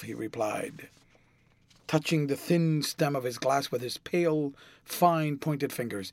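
A man's voice: mid-range voice, unhurried, dry recording. Man narrating a classic novel. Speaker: audiobook narrator.

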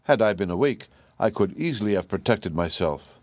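A man's voice: on the low side, lively intonation, moderate pace, no echo, lightly acted. A man voicing a sorrowful canary fairy. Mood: sad. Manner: soft, sorrowful. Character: sad gentle female fairy turned canary.

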